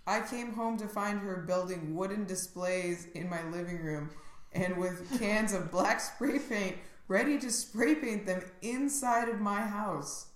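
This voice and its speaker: A woman's voice: mid-range voice, a little slow, roomy sound. A woman co-hosting a podcast, chatting casually and laughing easily, with lots of likes and fillers. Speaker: podcast co-host. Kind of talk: casual comedic chat.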